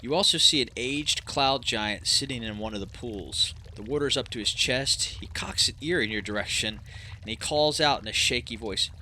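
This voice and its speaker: A man's voice: mid-range voice, normal speed, bright, forceful tone, slight background noise. A man acting as game master, narrating a tabletop game in a laid-back way and laughing easily.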